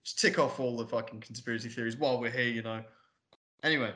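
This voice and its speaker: A man's voice: mid-range voice, fairly even intonation, quick pace, bright, forceful tone. A man hosting a film review podcast, chatting casually with lots of swearing and rambling asides. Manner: swearing, rambling, mocking impressions. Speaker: podcast host.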